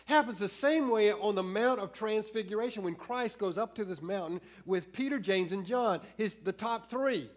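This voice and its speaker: A middle-aged man preaching a sermon, earnest, often restarting his phrases and moving between slow emphasis and quick storytelling. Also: high voice. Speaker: pastor.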